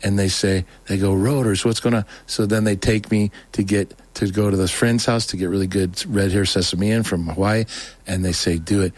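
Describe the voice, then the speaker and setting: A man's voice: low voice, normal speed, dry recording. Rambling man telling his testimony. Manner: rambling, animated, acts out quoted voices. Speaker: guest. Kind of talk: casual testimony storytelling.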